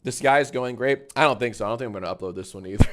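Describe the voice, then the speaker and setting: A man in his thirties chatting casually on a live stream, swearing freely and breaking into high laughter. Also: quick pace, background noise.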